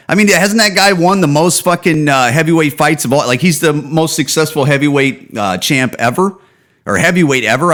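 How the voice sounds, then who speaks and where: Podcast host, man in his thirties, casual cursing solo rant, rambles, mid-pitched voice. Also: a bit bright. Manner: profane, rambling, trails off with low "dude" and "man".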